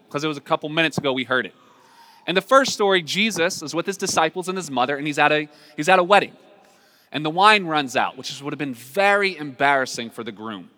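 Guy preaching a sermon, bright voice, kinda high, long echo from the hall. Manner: conversational, warm asides with repeated restarts. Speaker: pastor.

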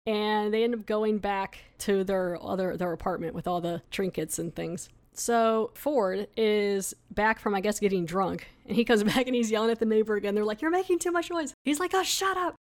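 A woman's voice: medium pitch, steady tone, moderate pace, hardly any pauses, darkish tone. A chatty woman hosting a podcast and recapping an episode casually. She talks loosely, with lots of fillers and asides. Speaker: podcast host.

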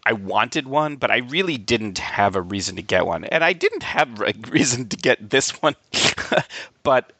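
A man's voice: mid-range voice, animated, a little slow, bright, forceful tone, breathy edge, no echo. A man co-hosting a casual podcast chat, rambling with many restarts and the odd swear word. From Albany, New York area. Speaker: podcast co-host.

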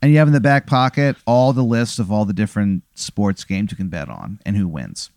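A man's voice: lowish voice, lively intonation, a little fast, a little mellow, dry recording, studio quality. A man telling an improvised comic story, rambling with plenty of fillers. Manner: rambling, filler-heavy, playful.

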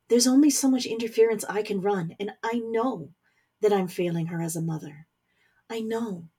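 A woman voicing a stern, powerful middle-aged mother who is a warlock general, speaking forcefully with scorn. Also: mid-range voice, breathy edge. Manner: forceful, scornful, rising to anger.

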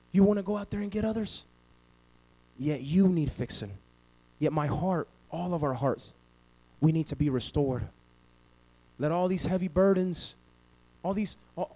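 A man preaching a sermon as pastor, swinging from loud to hushed and acting out quoted voices. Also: high-pitched, normal speed, long pauses, low-quality recording.

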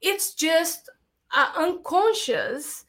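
A young Latin American woman, a filmmaker guest, chats animatedly in a casual interview. Her very high, slightly bright voice has lively intonation and drawn-out words, and she peppers her speech with "like" and "you know."

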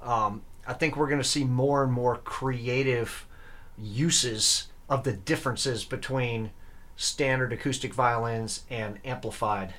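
A man's voice: medium pitch, fairly even intonation, slow, fairly bright tone. Enthusiastic young man explaining eagerly. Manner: earnest, enthusiastic, with fillers and restarts. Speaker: guest, electric violinist and grad student. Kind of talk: casual interview talk.

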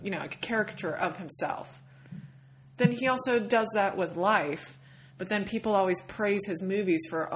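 A woman co-hosting a podcast, talking casually about a film. She is opinionated and exasperated, often trailing off. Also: mid-range voice. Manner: opinionated and exasperated, trails off and drops to a near whisper. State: married. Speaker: podcast co-host.

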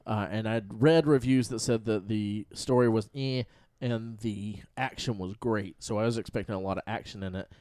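A man co-hosting a casual movie chat, relaxed and hesitant, with many pauses and ums. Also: on the low side, dry recording, studio quality. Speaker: podcast co-host.

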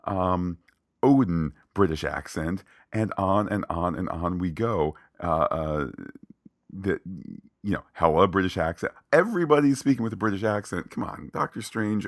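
A man co-hosting a podcast, chatting about a film in an opinionated, animated way with playful asides. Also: low-pitched, moderate pace, no room sound, studio quality. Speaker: podcast co-host. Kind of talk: casual film discussion.

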